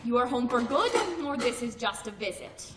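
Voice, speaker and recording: Cast an older actress as a hard, cold grandmother, blunt and clipped, slightly high voice, roomy distant film sound. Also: normal speed, very noisy, close to an everyday voice. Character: stern, cold old grandmother who runs a store. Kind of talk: film drama acting.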